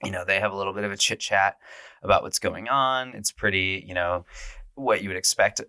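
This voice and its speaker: A man's voice: sits low, fairly quick, dry recording, clean studio sound. A man casually recapping a horror film on his podcast, acting out the characters' lines. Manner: animated, acts out quotes in raised voices. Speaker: podcast host.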